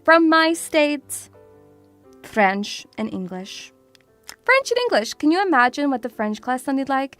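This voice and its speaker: High-voiced playful woman streamer. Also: expressive, takes it slowly, fairly bright tone, faint music behind. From Russia. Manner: playful, teasing, calls viewers sweeties. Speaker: VTuber streamer. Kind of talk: casual stream chat.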